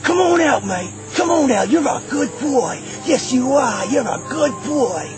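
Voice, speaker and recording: An actor playing an excitable Australian male wildlife showman, shouting breathlessly in a comedy skit. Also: very high-pitched, unhurried, exaggerated voice. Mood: excited. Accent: Australian (impression). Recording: loud music under the voice.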